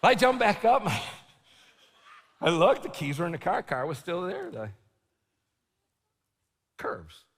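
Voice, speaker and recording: A middle-aged man giving a storytelling sermon at a conference, animated and shouting at the peaks. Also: high-pitched, takes it slowly, long pauses. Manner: animated, shouting at the peaks, laughing, quoting himself. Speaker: conference speaker. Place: large conference hall. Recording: long hall reverb.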